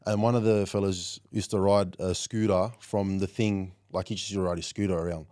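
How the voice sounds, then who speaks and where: A young Australian man in his twenties, a professional rugby league player, guests on a casual podcast and tells stories with animation, leaning heavily on "like" and "you know." His voice is low-pitched and brisk.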